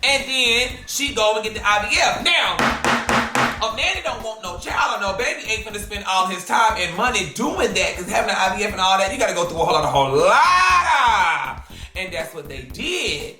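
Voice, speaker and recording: A man hosting a drama commentary show, talking in a sassy, slangy, animated gossip style. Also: high-pitched, normal speed, music in the background. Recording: roomy echo.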